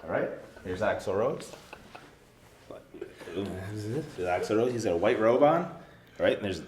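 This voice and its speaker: A man telling an anecdote casually, animated and profane, laughing as he goes. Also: fairly low pitch, slow pace, reverberant, slight background noise. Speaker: storytelling guest.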